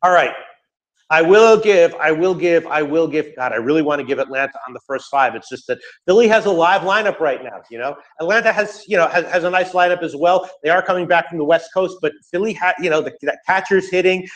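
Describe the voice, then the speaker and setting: A man's voice: on the high side, a little fast, rough recording. A young man giving sports betting picks in casual chat, rambling with restarts and joking asides.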